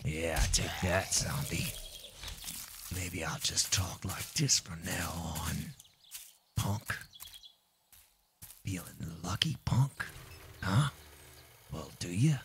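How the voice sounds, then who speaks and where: A menacing movie tough guy who growls his threats in a low, gravelly whisper, as a gamer puts him on. The voice sits deep and close, each word pushed out under the breath. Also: takes it slowly, long pauses, fairly bright tone, slight background noise, heavily acted.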